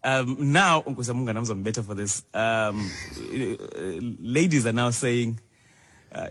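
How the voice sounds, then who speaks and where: A man hosting a casual radio chat, animated and teasing, often laughing. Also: medium pitch, moderate pace. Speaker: radio host.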